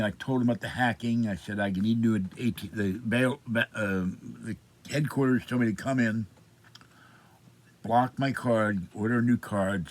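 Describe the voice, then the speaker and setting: Indignant man in his seventies ranting. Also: medium pitch. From Pittsburgh. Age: 70s. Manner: indignant, complaining, rambling. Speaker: vlogger. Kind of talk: ranting personal vlog story.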